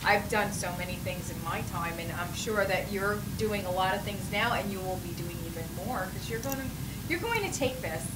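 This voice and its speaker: A woman's voice: mid-range voice, expressive, brisk, heavy background noise. A woman hosting a talk show interview, effusive and encouraging with her guest. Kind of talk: casual interview.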